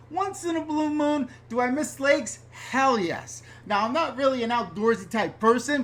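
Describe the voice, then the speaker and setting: Male channel host from the NY/NJ area, bright and forceful tone, excitable and rambling, reads viewer comments on a casual home live stream. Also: very high voice. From New York / New Jersey area. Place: upstairs room at home.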